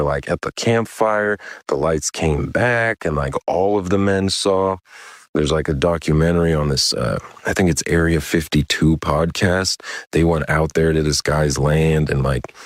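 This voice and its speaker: A man's voice: very deep voice, dry recording, clean studio sound. A young man hosting a podcast, telling a story in a rambling, slangy, laid-back way. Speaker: podcast host. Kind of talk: casual storytelling.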